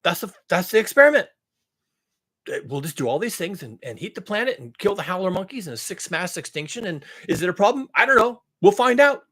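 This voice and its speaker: A man with a husky, slightly high voice rants sarcastically, his pitch leaping about wildly. He swears freely and swings between loud mocking outbursts and low mutters. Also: big pitch swings, fast. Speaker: commentary channel host. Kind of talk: sarcastic rant monologue.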